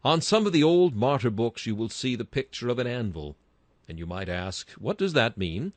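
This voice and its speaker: A man's voice: mid-range voice, big pitch swings, normal speed, dry recording. A man reading a Victorian sermon aloud in an emphatic style that rises to bursts of fervor. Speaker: sermon reader.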